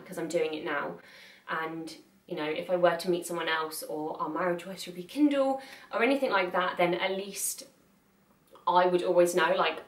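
Earnest mum vlogging in echoey room. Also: female voice, lowish voice, a bit bright, distant mic. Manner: chatty, earnest, laughs often. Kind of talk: candid talk to camera. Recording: echoey room, mic set back.

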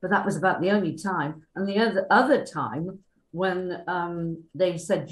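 A woman's voice: lowish voice, normal speed. Chatty older woman, roomy sound. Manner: chatty, full of fillers, acts out quoted dialogue. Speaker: former cast member. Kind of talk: anecdotal reminiscing. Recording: roomy echo.

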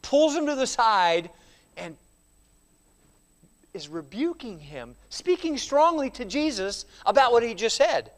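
A man teaching a Sunday school Bible study as pastor, acting out quoted lines with lively feeling and at times dropping to a quiet, confessional tone. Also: extremely high pitch, a little slow, pauses often. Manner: animated, acts out quoted speech.

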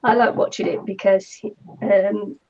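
A woman's voice: medium pitch, steady tone, normal speed, darkish tone. A woman with a New Zealand accent chatting casually on a video call while she crafts, laughing often and murmuring to herself as she works. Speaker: craft channel host. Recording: dull lo-fi call audio with faint noise.

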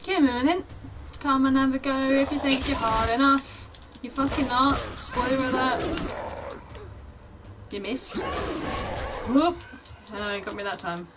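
A young woman talks through her gameplay on a desk mic, swearing freely and mocking the enemies she fights. She speaks slowly in a fairly high voice, with clear noise under the stream. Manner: profane, taunting, talking to the game. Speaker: game streamer. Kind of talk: gameplay commentary.

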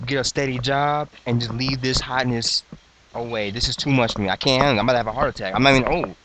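A man in his twenties hyping up his rap crew, boastful, excitable and mock-dramatic. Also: medium pitch, noisy background. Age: 20s. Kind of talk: hyped comedic freestyle intro.

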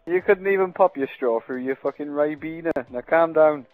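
A man's voice: fairly high pitch, moderate pace, no echo, phone-quality sound, soft background music. A young man on a gaming headset, chatting casually and mocking others with sarcastic, swear-heavy banter. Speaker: gaming vlogger. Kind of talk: casual party chat.

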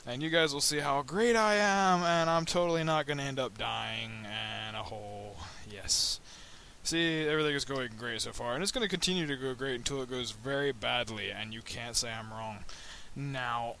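Male gamer narrating his own playthrough: rambly, jokey, mid pitch, breaks into excited yelps, cheap mic with faint hiss. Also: gravelly. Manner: rambling and joking, with sudden high excited yelps. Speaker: gameplay commentator. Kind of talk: let's play commentary. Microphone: new budget microphone.

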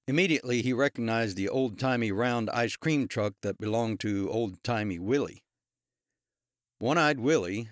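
A man narrating an audiobook thriller in a steady, even storytelling manner. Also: fairly low pitch, no room sound, studio quality. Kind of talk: scripted narration.

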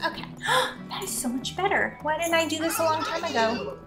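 A woman's voice: extremely high pitch, expressive, brisk, over music. A woman streaming a video game, chatting casually and grumbling sarcastically, with frequent swearing. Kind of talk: casual live-stream chat while gaming.

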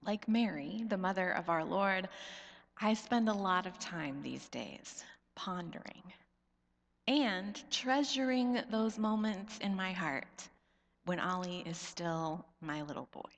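Slow reflective woman preaching in echoing church. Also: fairly low pitch, expressive. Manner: slow, reflective storytelling with soft drops in volume. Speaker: pastor. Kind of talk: sermon. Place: church sanctuary. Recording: long church reverb.

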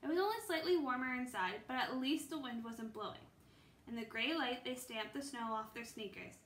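Bright-voiced woman reading a children's book. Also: on the high side, normal speed. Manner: steady storytelling with small slips. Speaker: reader. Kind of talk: children's book read-aloud. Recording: roomy with faint ambience.

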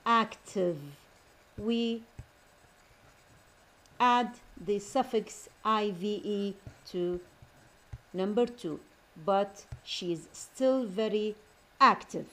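Woman, English lesson, unhurried drawn-out delivery, repeats each word. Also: mid-range voice, a bit bright, poor audio. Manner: slow, repeats each word several times; switches to Arabic to explain terms. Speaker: English teacher. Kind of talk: recorded classroom lesson.

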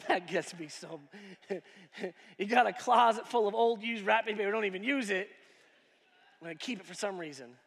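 A male pastor preaching a sermon, animated, swinging from shouts to hushed asides. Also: high-pitched, unhurried, long pauses, husky. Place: church auditorium. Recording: long reverb of a church hall.

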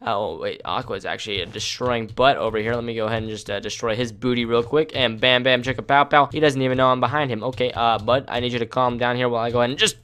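A young man hosting a gaming channel, chatting casually and excitably with viewers as he plays. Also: mid-range voice, fast talker, few pauses, clear, resonant tone. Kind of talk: casual gameplay commentary. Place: home room at night.

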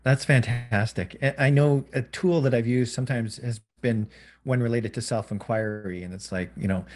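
A man's voice: mid-range voice, steady tone, moderate pace, a little mellow. A man hosting an interview, chatting casually and thinking aloud as he builds up to a question. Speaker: podcast host.

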